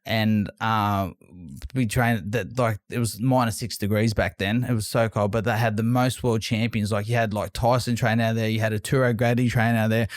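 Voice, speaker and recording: A man's voice: fairly low pitch, normal speed, dry recording. Man, from Australia, former boxer, rambling storyteller, repeats himself, dry close mic. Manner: rambling, repeats words and restarts, animated retelling. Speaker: guest, former boxing world champion. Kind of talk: casual interview storytelling.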